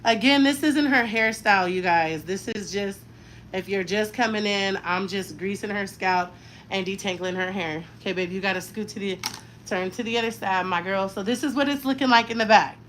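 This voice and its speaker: A woman's voice: medium pitch, normal speed, fairly bright tone, slight background noise, rough recording. A woman in her thirties, a mother chatting frankly in a slangy, talkative way while she does her daughter's hair. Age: 30s. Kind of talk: casual chat while styling hair.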